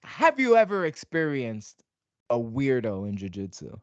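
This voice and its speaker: A man's voice: medium pitch, wildly swooping pitch, a little slow, no echo, dull audio. A man hosting a podcast in casual chat, joking and laughing easily.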